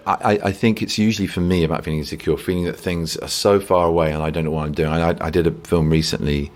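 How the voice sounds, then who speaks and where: Very deep-voiced man musing at length. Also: steady tone, fast talker, a little mellow. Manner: reflective, self-deprecating, many restarts. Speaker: actor guest. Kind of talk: rambling conversational interview.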